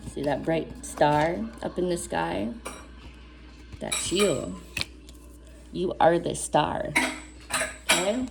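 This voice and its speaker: A woman's voice: on the low side, extremely slow, creaky, long pauses, loud music behind the voice. A woman giving a spiritual oracle card reading to camera. She reads the card text aloud, then adds earnest, casual asides and repeats key phrases for emphasis.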